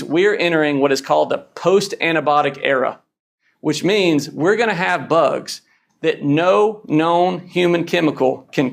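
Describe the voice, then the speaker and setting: Blunt man in a lecture, gravelly, slightly high voice, keeps asking "okay?". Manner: blunt, punchy, frequent "okay?" check-ins. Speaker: emergency physician lecturing. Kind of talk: conference lecture.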